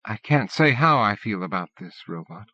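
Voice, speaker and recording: A man's voice: lowish voice, lively intonation, normal speed. A man voicing an imagined grown daughter who speaks in a guarded, uncertain way. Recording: dull dry cassette-era audiobook recording.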